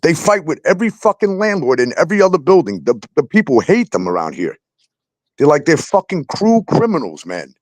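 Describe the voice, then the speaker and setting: A man's voice: fairly high pitch, sing-song, brisk, a little mellow, dry recording. A man hosting a talk show, ranting heatedly and swearing constantly about landlords and the police. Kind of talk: angry profane rant.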